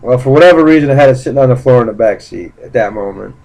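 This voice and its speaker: A man's voice: medium pitch, racing, vocal fry, darkish tone, low-quality recording. A man casually recounting a personal story in a blunt, profane way, rambling with fillers and restarts. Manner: blunt, profane, indignant retelling. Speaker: vlogger.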